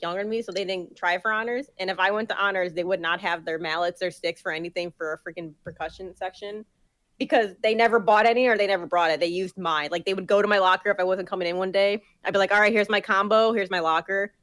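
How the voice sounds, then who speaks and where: A woman's voice: mid-range voice, quick pace, a bit bright, dry recording. A young woman in casual chat as a podcast co-host, telling a story full of swearing and acting out the people she quotes.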